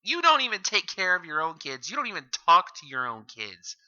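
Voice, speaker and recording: A man's voice: high voice, huge pitch swings, fairly quick, pushed and bright. A man hosting a reaction commentary, heckling and insulting the video with constant swearing. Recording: dull lo-fi mic.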